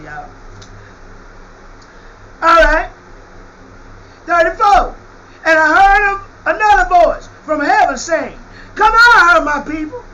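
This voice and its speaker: A preacher man with a very high, bright voice, preaching with fire. He shouts scripture lines, then slips into loose slangy asides. A faint hiss runs behind him. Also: highs cut off. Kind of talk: sermon on scripture.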